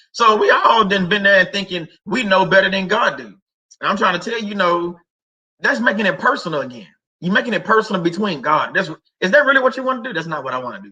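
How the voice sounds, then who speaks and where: Middle-aged male stream host, very bright, slightly high voice, loose rambling faith talk, dull lo-fi audio. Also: lively intonation, fairly quick. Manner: rambling, conversational, many fillers and restarts. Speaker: livestream host.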